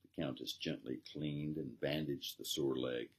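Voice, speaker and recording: A man, a pastor, gently reading a children's story aloud. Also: rumbling low, fairly even intonation, moderate pace, hardly any pauses, breathy edge. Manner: gentle storytelling, plainly voicing characters.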